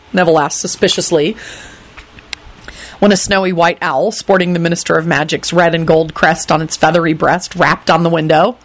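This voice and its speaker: A woman reading a story aloud in an animated storytelling manner. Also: on the low side, normal speed. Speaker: reader. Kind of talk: reading fan fiction aloud.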